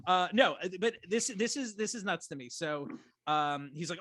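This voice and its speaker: Fired-up, higher-voiced man ranting on a podcast. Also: moderate pace, dry recording. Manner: animated ranting, swears a lot. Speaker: podcast co-host. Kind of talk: casual rewatch podcast chat.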